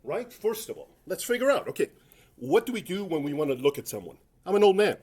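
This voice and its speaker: A man's voice: a little high, sing-song, brisk, a little mellow. A man giving a tech talk at a conference, rambling and self-mocking with jokey asides. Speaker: conference presenter. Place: conference room.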